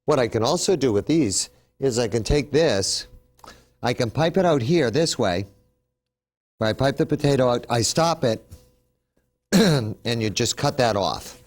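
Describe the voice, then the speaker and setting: A man's voice: medium pitch, expressive, a little slow, pauses often. A man hosting a TV cooking demonstration, upbeat and chatty, explaining each step as he works. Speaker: cooking show host.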